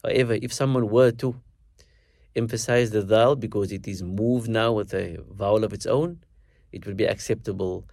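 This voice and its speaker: A man teaching a recitation lesson, explaining stress in measured, deliberate phrases and slowing down to demonstrate words. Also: lowish voice, fairly even intonation, creaky, a little mellow, dry recording, studio quality. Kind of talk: instructional lesson with recited verses.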